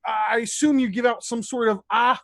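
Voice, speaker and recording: A man's voice: very high-pitched, steady tone, fairly quick, vocal fry, dry recording, studio quality. A man running a tabletop game as dungeon master, narrating loosely with restarts. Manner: loose, conversational rulings with restarts.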